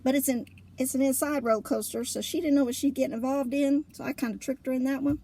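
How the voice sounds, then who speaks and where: Lady telling a funny story, high voice, lots of laughing, a bit of fry. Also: fast talker. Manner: lively, colloquial, laughing often between lines. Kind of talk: casual spoken storytelling.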